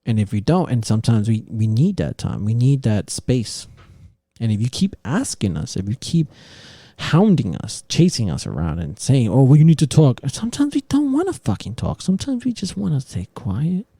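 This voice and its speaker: A man hosting a casual podcast, ranting in an animated way and swearing constantly. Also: mid-range voice, moderate pace, gravelly, breathy edge, no echo, studio quality. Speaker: podcast host. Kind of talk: casual opinion talk.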